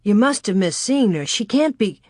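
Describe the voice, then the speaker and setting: A woman voicing a calm pioneer father in an audiobook, speaking low and firmly. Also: normal speed, no room sound, studio quality. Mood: insistent. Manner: low, firm, reassuring. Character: steady pioneer father, grown man, calm.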